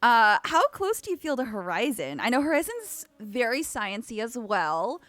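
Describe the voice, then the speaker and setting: A woman hosts a casual interview in a high, bright voice that swings up and down. She speaks slowly and gushes with eager questions, with a dry, close sound. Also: very animated, no room sound. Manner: gushing, asks eager questions. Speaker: host.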